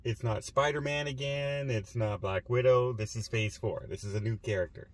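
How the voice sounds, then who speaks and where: A man's voice: mid-range voice, moderate pace. A man hosting a movie review show, chatting casually and with animation about a film he just saw.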